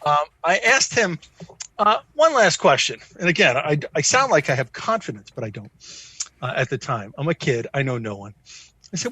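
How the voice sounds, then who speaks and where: A man in his sixties with an American accent, a psychiatrist guest telling a personal story in an animated, self-deprecating way. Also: on the high side, normal speed, husky, dry recording. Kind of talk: conversational storytelling.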